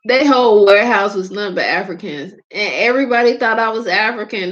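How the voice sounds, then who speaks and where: A woman's voice: a little high, very animated, brisk, fairly bright tone, muffled recording. A woman from Georgia with a Southern accent, hosting her show in rambling casual chat and laughing often. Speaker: host.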